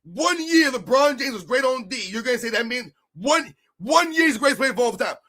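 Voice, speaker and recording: A man's voice: very high-pitched, expressive, fairly quick, bright, forceful tone. A man hosting a heated sports rant, emphatic and argumentative, hammering his points by repeating them. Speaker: sports commentary host.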